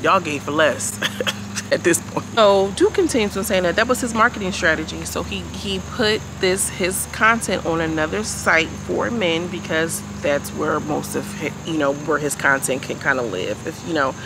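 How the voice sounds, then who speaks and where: A woman's voice: sits low, normal speed, background noise. A woman giving a blunt, chatty recap of a reality show, talking straight to her viewers while she is outdoors. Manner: chatty, blunt, slangy, addresses viewers directly. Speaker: YouTube reality-show reviewer. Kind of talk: casual commentary recap. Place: outdoors by a street.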